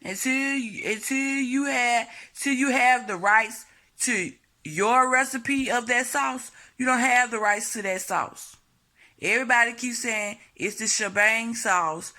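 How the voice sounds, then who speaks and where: A woman's voice: a little high, pushed and bright. A woman vlogging a blunt, profane opinion monologue to camera, hammering her points home by repeating them.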